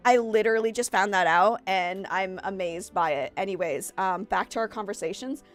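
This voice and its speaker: A game streamer makes casual, meandering conversation that jumps around, a bit out of breath, while faint music from the game plays underneath. Her voice sits in the mid-range, and she talks at a moderate pace.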